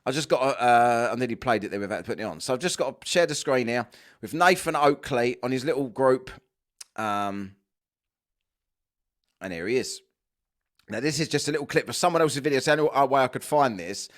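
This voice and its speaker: A man's voice: mid-range voice, lively intonation, fairly quick. A man reacting to clips, swearing and mocking. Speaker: podcast host. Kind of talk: reaction commentary.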